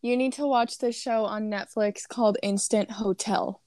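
A woman's voice: mid-range voice, fairly even intonation, moderate pace, a little mellow, no room sound. A woman co-hosting a casual chat, joking in a dry way.

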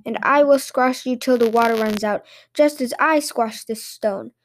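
A woman voicing a bold young shepherd lad who answers with calm, confident retorts. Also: a little high, moderate pace, lightly acted.

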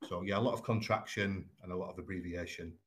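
A man with a Yorkshire accent talks as an interview guest in a fairly low voice. He explains at an even, measured pace, pausing on ums and restarting his phrases. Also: a little hiss or hum. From Yorkshire, England. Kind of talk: conversational explaining.

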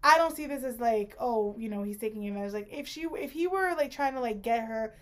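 A woman's voice: fairly high pitch, expressive, fairly quick. A woman co-hosting a casual book-club podcast, pushing back on points with wry jokes. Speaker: podcast co-host.

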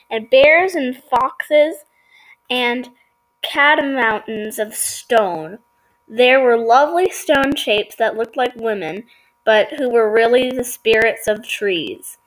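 A woman with a fairly high voice reads a children's novel aloud, chapter by chapter. She sometimes trips on a word, says excuse me and goes back over it. Her delivery is a relaxed, homespun read-aloud. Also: poor audio. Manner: stumbles and apologizes for slips. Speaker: reader. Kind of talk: reading a children's book aloud.

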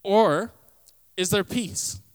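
Casual, lively young preacher. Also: male voice, high voice, drawn-out words, smooth. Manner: casual storytelling with comic quoted voices; frequent fillers like "like" and "kinda". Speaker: youth pastor. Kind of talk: sermon.

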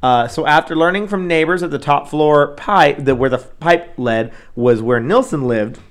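A man's voice: on the high side, normal speed. A man co-hosting a casual true-crime chat, talking loosely with many fillers and asides. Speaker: podcast co-host.

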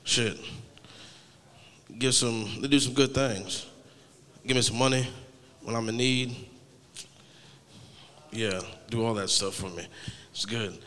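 A young man in his late twenties performing a stand-up set in a bright, sharp voice. He rambles in a laid-back, profane way and sounds a bit high. A long hall reverb trails his words. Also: fairly even intonation, slow pace, pauses often. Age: 20s. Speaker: stand-up comedian.

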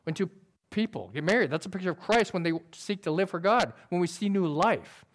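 A man preaching a sermon in an earnest, conversational way, using quick everyday illustrations. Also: high voice, animated. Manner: describes himself as sober by nature.

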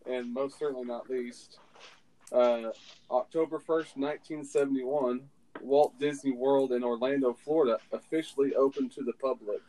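Man, podcast co-host, relaxed and chatty, mid pitch. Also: normal speed, rough recording. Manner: laid-back, chatty, laughs easily. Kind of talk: casual podcast chat.

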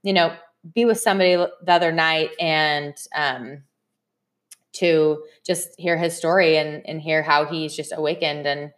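A woman's voice: low-pitched, fairly even intonation, measured pace. A woman hosting a podcast, chatting casually and telling stories straight to her listeners, often breaking into laughter. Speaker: podcast host. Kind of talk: casual chat.

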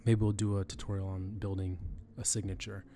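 A man's voice: sits low, level tone, a little fast, mellow, slight background noise. A man teaching in a loose, conversational way, often restarting and repeating phrases with fillers. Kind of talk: screen-recorded tutorial on email etiquette.

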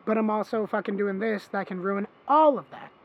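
A man hosting a podcast, telling a long story in casual chat, animated and swearing freely, acting out what others said. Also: sits high, brisk, gravelly, dull audio. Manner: animated, swearing, acts out quoted voices. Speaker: podcast host.

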